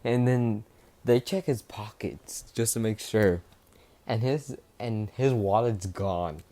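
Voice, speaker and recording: A young man casually retelling a fan-fiction story, rambling and rushed, with restarts and swearing. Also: on the low side, mellow.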